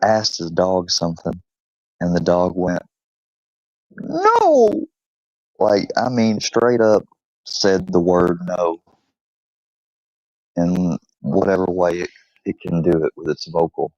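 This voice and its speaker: A man's voice: sits low, fairly even intonation, measured pace, long pauses, a little mellow, no room sound, lo-fi sound. A man hosting his channel, telling stories about his dog in a casual, swearing way and slipping into baby talk with the dog. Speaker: channel host. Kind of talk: casual storytelling to camera.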